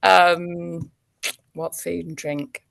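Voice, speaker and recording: A woman's voice: on the low side, little pitch movement, extremely slow, vocal fry, a bit bright. A woman, an actor chatting as a guest and telling anecdotes with frequent ums and laughs. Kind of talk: casual interview chat.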